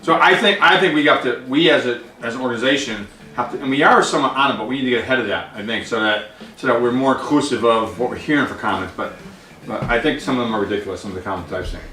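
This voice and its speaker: A man on a hot-seat interview, eating spicy wings with his lips burning, talking in animated bursts with stammered restarts. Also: medium pitch, fast. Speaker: interview guest. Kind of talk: casual banter while eating hot wings. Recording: echoey room, distant mic, music.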